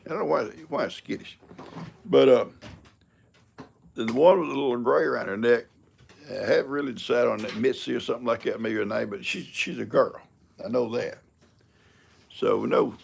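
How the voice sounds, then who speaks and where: A man's voice: medium pitch, normal speed, a little hiss or hum. An older man, rambling folksy and chuckling as he hosts a casual live stream. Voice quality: gravelly, husky. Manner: folksy, rambling and chuckling, talks to his cats. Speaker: livestream host.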